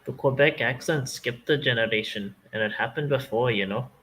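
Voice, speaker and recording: A man's voice: medium pitch, normal speed, a bit bright, rough recording. A man with a Canadian accent chatting casually on a stream, rambling, joking and swearing freely. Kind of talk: casual chat.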